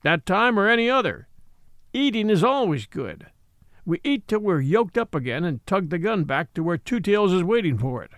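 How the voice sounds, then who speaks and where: A man's voice: high voice, very animated, normal speed, no echo, studio quality. A man voicing a pair of stolid, fatalistic bullocks that speak in a plain, matter-of-fact way.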